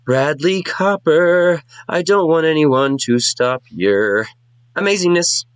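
Casting: bubbly stammering young bard woman, high and eager, put on by a man, dry close sound. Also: animated, takes it slowly, smooth, dry recording. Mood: gushing.

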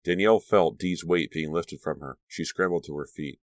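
A man narrating an audiobook with a dramatic, expressive reading. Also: rumbling low, moderate pace, dry recording, clean studio sound.

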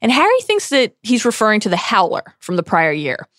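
A woman's voice: medium pitch, huge pitch swings, a little fast, a bit bright, no echo, studio quality. A woman co-hosting a book podcast, reading a scripted, earnest and analytical discussion. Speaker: podcast co-host.

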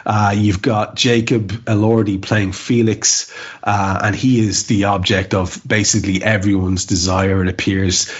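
Husky-voiced man reviewing a film. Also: lowish voice, a little slow, highs cut off. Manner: animated, restarts often with stammered repeats. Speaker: podcast co-host. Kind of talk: casual film review chat.

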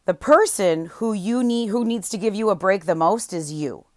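A woman's voice: medium pitch, animated, normal speed, dry recording, clean studio sound. Forties woman podcast host, sarcastic and upbeat, motivational monologue. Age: 40s. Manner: playful, sarcastic, encouraging.

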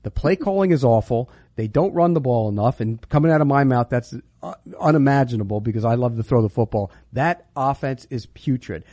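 A man's voice: mid-range voice, expressive, fairly quick, warm tone, no echo. A man giving football picks in an emphatic, opinionated way, repeating himself for stress. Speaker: football analyst. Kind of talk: sports betting chat.

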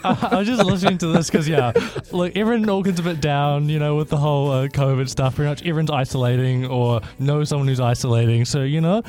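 A man's voice: a little high, steady tone, quick pace, hardly any pauses, a little mellow, soft background music. Upbeat young New man. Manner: upbeat, laughing, casual.

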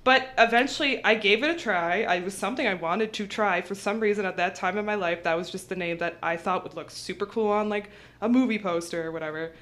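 A woman's voice: mid-range voice, fast talker, a bit bright. A young woman comedian chatting casually on a podcast, rambling and self-deprecating with many fillers. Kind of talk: casual chat.

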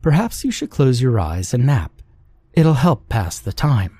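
Fake-sweet train lady, soothing, slow and mellow, a man voicing her. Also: mid-range voice, very animated, husky, dry recording, pitched above the performer's own voice. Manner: soothing, sugary. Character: falsely sweet female train attendant.

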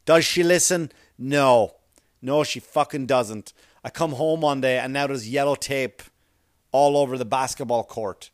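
A man's voice: medium pitch, unhurried, no echo, studio quality. A man doing a rambling, profane stand-up comedy routine full of conversational asides.

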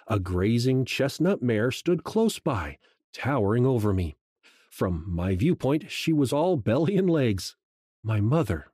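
Guy reading an audiobook, hushed and measured, pitch rises and falls a lot, dry close sound. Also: breathy edge, dry recording. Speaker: audiobook narrator. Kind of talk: first-person scripted narration.

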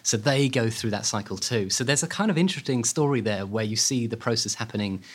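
A man, a guest author telling a history story in lively, animated conversation. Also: mid-range voice, fairly quick, breathy edge. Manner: lively, animated, hedging with fillers.

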